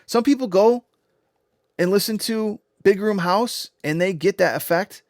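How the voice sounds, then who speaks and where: With a clean studio sound and no room echo, a high-voiced music producer unhurriedly walks his livestream audience through sound design. He gets excited and rambles, curses a lot, and keeps tacking "right?" and "you know?" onto his sentences.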